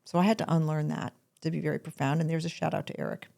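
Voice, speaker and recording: A middle-aged woman hosting a podcast in casual chat. She talks in an animated, chatty way and often breaks off mid-sentence. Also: sits low, fast talker, gravelly. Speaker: podcast host.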